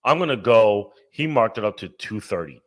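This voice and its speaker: A man's voice: on the low side, animated, normal speed. A man co-hosting a casual car podcast, ranting and swearing emphatically. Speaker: podcast co-host. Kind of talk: casual profane car chat.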